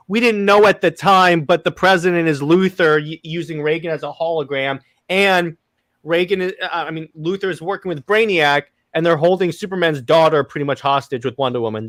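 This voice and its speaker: A man hosts a relaxed comics chat, talking in animated bursts and backing up to rephrase himself. His voice sits fairly high. The recording is dry and close. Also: fairly quick, no echo. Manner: animated, restarts phrases often. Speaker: podcast host. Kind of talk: casual chat.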